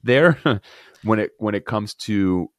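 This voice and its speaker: A man's voice: fairly low pitch, slow, dry recording, studio quality. A man from Miami, an actor guest, telling anecdotes in a casual interview and acting out the dialogue. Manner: animated anecdotes, acts out dialogue.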